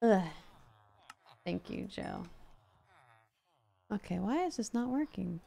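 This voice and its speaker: A young woman chats playfully on a live game stream, talking to viewers and characters, reading out donations, and thanking supporters. Her mid-range, mellow voice has lively intonation and vocal fry, and she takes things slowly.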